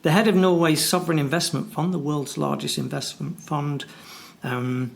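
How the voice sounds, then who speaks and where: A man's voice: fairly high pitch, steady tone, moderate pace, gravelly. A man hosting a podcast, talking in a casual, conversational way with hesitant fillers. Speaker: podcast host, maths and business teacher.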